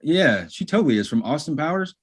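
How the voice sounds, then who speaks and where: A man's voice: a little high, sing-song, brisk, slightly rough. Slangy, profane male podcast host. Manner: slangy and profane, calls people bro. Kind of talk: casual chat.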